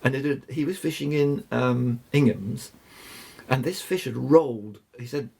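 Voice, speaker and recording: An older man, telling rambling fishing stories as a guest, halting and restarting often. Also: mid-range voice, darkish tone. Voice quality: gravelly, husky. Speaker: guest angler. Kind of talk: anecdotal storytelling.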